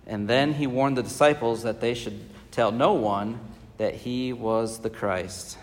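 A man with a medium-pitched voice teaches a Bible study class at a measured pace. He talks conversationally, uses many fillers, and puts questions to the group. The sound echoes as if in a reverberant hall.

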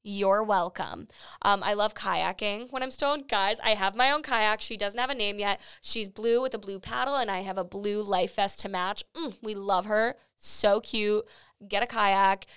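On a studio mic with no echo, a young podcast host chats casually, giggling and cursing along the way. Her voice is mid-range, smooth, with a fairly bright tone.

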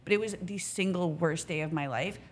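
A woman in a casual podcast chat, a restaurant business co-owner telling an animated, candid story and swearing now and then. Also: lowish voice, a little fast.

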